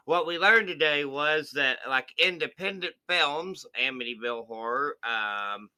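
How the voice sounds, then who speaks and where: An easygoing man chats casually to viewers during an unboxing, rambling along with plenty of fillers. His voice is very bright and smooth. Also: fairly high pitch, unhurried, few pauses. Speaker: co-host of unboxing channel.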